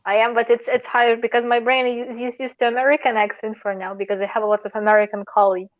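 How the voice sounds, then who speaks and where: A woman's voice: a little high, flat delivery, fast talker, no room sound. Ukrainian woman on a dull, dry call. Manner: friendly, laughs often. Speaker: podcast guest. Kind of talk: casual chat over a video call.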